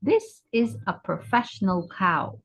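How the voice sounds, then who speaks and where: A woman reading a children's picture book aloud as an English teacher, expressive and unhurried. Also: medium pitch, creaky, breathy edge. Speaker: storybook reader, English teacher. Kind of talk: children's storybook read-aloud. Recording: dull lo-fi recording.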